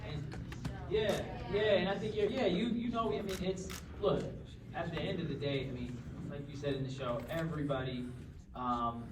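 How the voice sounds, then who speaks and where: A man moderates a live Q&A panel, rambling and leaning on fillers. His voice sits a bit high for a man and comes from a distant mic in a big echoing hall, with a crowd close around. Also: moderate pace. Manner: loose and rambling, many fillers. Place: large hall at a live event. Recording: echoey hall from far off with crowd. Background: audience crowd.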